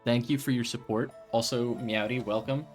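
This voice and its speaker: A man streaming a video game, chatting casually in a rambling, joking way, stumbling over his words and breaking into loud excited bursts. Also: mid-range voice, normal speed, faint music behind.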